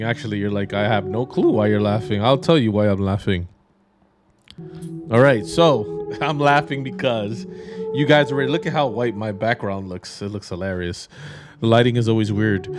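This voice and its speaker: A man's voice: mid-range voice, normal speed, over music. A man giving casual, rambling gameplay commentary as a YouTuber, easily exasperated and laughing often. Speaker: gaming YouTuber. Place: home room with white background.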